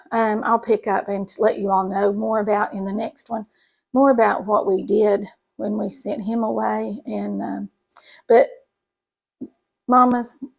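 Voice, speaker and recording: A woman's voice: medium pitch, creaky, darkish tone. A middle-aged woman, chatting folksily to viewers while cooking in her home kitchen. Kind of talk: casual cooking chat to camera.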